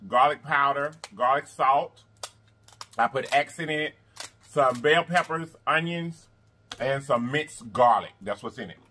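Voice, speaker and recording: A man hosting a mukbang eating video in casual chat, animated and repetitive, calling his viewers y'all and honey. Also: medium pitch, a little slow, slight background noise. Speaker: mukbang host. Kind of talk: casual eating vlog talk.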